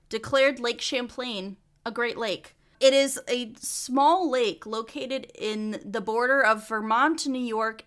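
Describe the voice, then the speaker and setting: A woman's voice: a little high, sharp tone. A young woman co-hosting a casual research podcast, chatty with laughing asides and many fillers. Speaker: podcast co-host.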